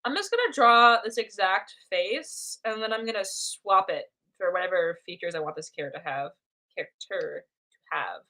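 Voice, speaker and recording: A woman's voice: mid-range voice, lively intonation, normal speed, sharp tone. A young woman chatting casually while drawing on a live stream, playfully talking to herself and to chat.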